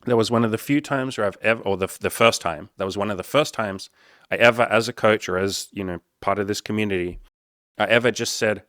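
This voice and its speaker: Low-voiced, profane man telling a story. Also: fairly quick, no room sound, studio quality. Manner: casual, profane, self-mocking, quotes people in lively voices. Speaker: dating and self-improvement coach. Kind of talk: candid personal storytelling to camera.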